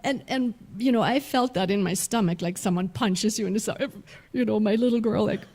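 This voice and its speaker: A woman's voice: medium pitch, fairly quick, a little mellow. A woman minister from Germany, giving a sermon. She tells a personal story, laughs often and restarts her sentences.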